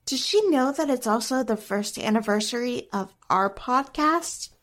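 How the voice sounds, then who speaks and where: A woman's voice: on the high side, animated, unhurried, a bit bright. A woman co-hosting a podcast, playing mock jealousy in a short scripted comic skit. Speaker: podcast co-host.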